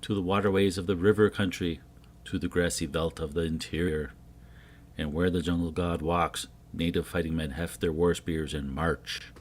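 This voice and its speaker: A man reading a jungle adventure comic aloud, voicing every character himself and getting loud on the shouted lines. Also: sits low, steady tone, normal speed, slight background noise. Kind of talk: dramatic comic book reading.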